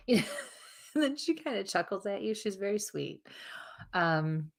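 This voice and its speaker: A woman's voice: fairly low pitch, animated, normal speed. A woman from the United States hosting a live psychic Q&A stream, chatty and teasing, laughing often. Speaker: psychic medium co-host.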